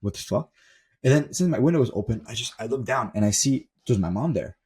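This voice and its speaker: A man's voice: medium pitch, animated, fast talker, darkish tone, breathy edge. A young man giving a blunt, profane motivational monologue as a self-improvement coach, talking from the desk in his room at home and repeating words for stress.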